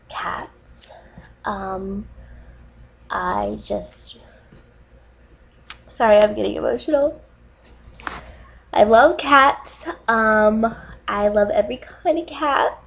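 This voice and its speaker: An actress playing a nervous young woman recording an online dating video. She talks haltingly, with many fillers, and keeps choking up into tears. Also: medium pitch, a bit bright, breathy edge, exaggerated voice, low-quality recording. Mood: tearful. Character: nervous young woman, overly emotional about cats. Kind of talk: comedic monologue to camera.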